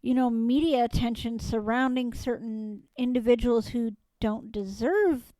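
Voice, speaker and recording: A woman's voice: fairly high pitch, measured pace, warm tone, dry recording, low-quality recording. A woman co-hosting a casual podcast, stuffy from allergies, laughing often and swearing freely. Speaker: podcast co-host. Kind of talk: casual chat.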